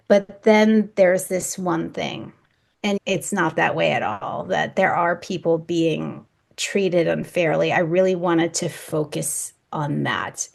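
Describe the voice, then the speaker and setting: A woman's voice: on the low side, creaky, a little mellow. A woman being interviewed as a guest author, explaining her choices in a thoughtful, careful way. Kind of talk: podcast interview.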